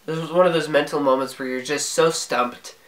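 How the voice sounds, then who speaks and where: A man's voice: on the high side, steady tone, a little fast, fairly bright tone. A young man reading out his own childhood comic book, joking about each panel with playful mock-dramatic quotes. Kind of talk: casual comedic commentary. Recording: echoey room.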